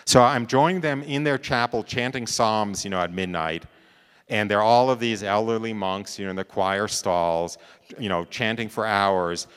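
A man's voice: on the low side, normal speed, a bit bright, clear, resonant tone, in a large hall. A man giving a talk, telling a personal story in a conversational way and often checking in with his listeners. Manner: conversational, checks in with "right?" and "you know".

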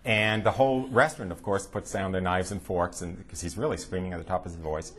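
A man speaking at a talk, telling a personal story in a hesitant way with many fillers and lively quoted voices. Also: low-pitched, brisk. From United States.

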